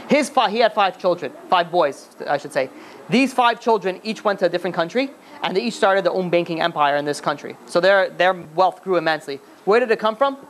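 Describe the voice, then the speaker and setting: Male rabbi, rapid-fire storyteller who acts out every character; slight room noise. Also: sits high. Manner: animated, acts out characters with many restarts. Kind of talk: storytelling sermon.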